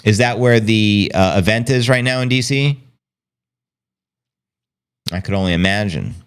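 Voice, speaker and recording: A man's voice: on the low side, measured pace, smooth. A man hosting a live stream, chatting casually and reading viewers' comments aloud. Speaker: livestream host. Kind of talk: casual livestream chat.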